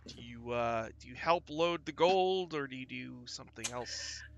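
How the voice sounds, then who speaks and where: A man running a tabletop game as game master, narrating in a loose, halting way with many fillers. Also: medium pitch, gravelly, a crowd in the background.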